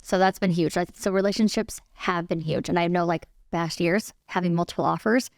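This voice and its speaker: A woman real estate agent as an interview guest, calm and easygoing as she talks. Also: on the low side, a little fast, dry recording, clean studio sound. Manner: calm, easygoing, laughs easily. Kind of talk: casual interview chat.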